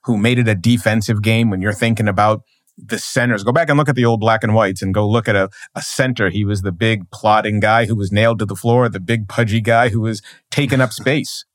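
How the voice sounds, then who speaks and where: A man's voice: on the low side, steady tone, fairly quick, no room sound, studio quality. A man, a sports journalist, speaking emphatically as a podcast guest and building his points with repeated phrases. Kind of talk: podcast interview.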